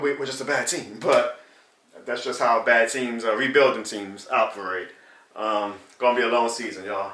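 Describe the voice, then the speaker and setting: A man's voice: medium pitch, bright, forceful tone, roomy sound, recorded from a distance. A man hosting a sports reaction channel, venting in a casual, exasperated and sarcastic rant. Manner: exasperated, sarcastic, mocks rival fans in put-on voices.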